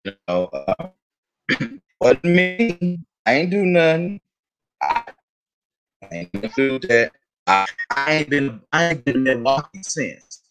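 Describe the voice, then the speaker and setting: Animated storytelling man, lively pitch. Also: slow pace, pauses often, soft background music. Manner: animated, profane, laughing, acts out voices of others. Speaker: storyteller on a chat show. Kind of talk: casual storytelling chat.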